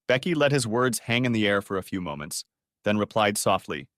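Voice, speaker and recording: A man narrating a story audiobook in a steady, even storytelling manner. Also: on the low side, a little fast, no echo, clean studio sound.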